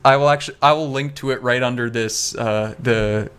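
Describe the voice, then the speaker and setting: A man's voice: mid-range voice, steady tone, moderate pace, a bit bright, smooth. A man co-hosting a podcast in casual chat, rambling with lots of fillers and laughing often. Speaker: podcast co-host.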